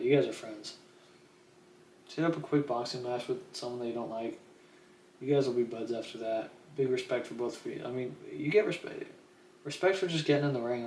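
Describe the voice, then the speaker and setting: A man's voice: mid-range voice, darkish tone. A young man casually telling a rambling story on a livestream, swearing freely and acting out what people said. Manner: rambling, laid-back, swears freely, acts out quotes. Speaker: streamer. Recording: echoey room with faint ambient noise.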